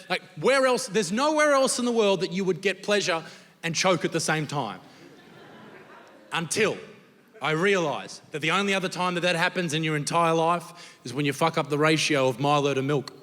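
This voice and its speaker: Brash Australian comedian in a hall. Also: male voice, a little high, bright, forceful tone. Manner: crude, brash storytelling with swearing. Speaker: stand-up comedian. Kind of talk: stand-up comedy set. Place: comedy venue with live audience. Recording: live hall reverb, faint noise.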